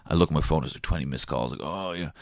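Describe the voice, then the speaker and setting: Very deep, gravelly man, dry. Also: fast talker, no room sound. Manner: swearing, self-mocking, jumps between put-on voices. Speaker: comedian podcast host. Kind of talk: rambling comic storytelling. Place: small garden shed.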